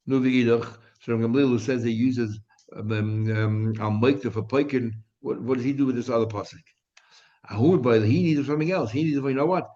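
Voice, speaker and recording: A man's voice: medium pitch, darkish tone, lo-fi sound. A male rabbi giving a daily Talmud lesson, explaining step by step and asking and answering his own questions.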